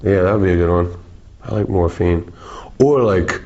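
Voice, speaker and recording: A South African man in his forties chats loosely in a casual interview, rambling, joking, and swearing freely. He has a low, warm voice at normal speed, captured with lo-fi sound.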